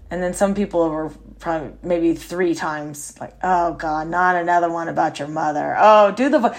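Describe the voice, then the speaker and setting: A woman hosting a podcast, telling stories in a chatty, self-mocking way with quick asides. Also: mid-range voice. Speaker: podcast host. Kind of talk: casual storytelling monologue.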